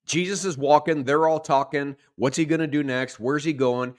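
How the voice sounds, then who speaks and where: A male pastor preaching a sermon in an animated way, acting out the shouted lines he quotes. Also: on the high side, normal speed.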